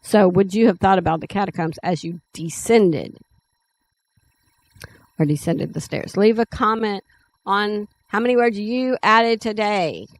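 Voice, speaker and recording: A middle-aged woman who runs a writing channel reads her own story draft aloud, plain and unhurried, making small self-corrections before turning to speak with her viewers. Her voice is medium-pitched, and the recording quality is low.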